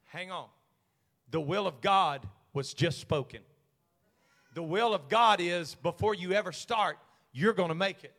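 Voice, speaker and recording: Male pastor, high bright voice, preaching in a reverberant church, dynamic swings from soft to shouting. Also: measured pace. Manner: swings from quiet to shouting, call-and-response preaching. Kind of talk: sermon. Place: church sanctuary.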